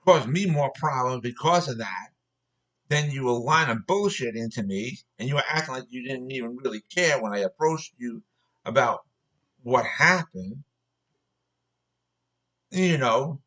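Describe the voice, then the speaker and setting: A man's voice: mid-range voice, fairly bright tone, poor audio. A man telling a personal story as an angry, profane rant, repeating himself.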